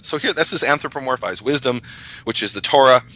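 A man talks through scripture in a relaxed, thoughtful way, quoting verses to back up his points. His voice is bright and clear, sitting at a middle pitch. He sounds like a guest on a casual religious podcast. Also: fast talker, no room sound, low-quality recording. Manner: thoughtful, explains with scripture quotes. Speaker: guest Bible scholar.

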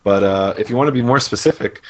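A man explaining Hebrew terms in a Bible study chat, measured and teacherly with frequent fillers. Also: lowish voice. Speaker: Hebrew scholar co-host. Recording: dull lo-fi recording.

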